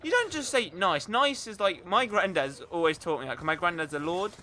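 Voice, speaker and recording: A young man ranting in an animated, exasperated way over gameplay as the host of his gaming channel. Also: high voice, fairly quick, slight background noise.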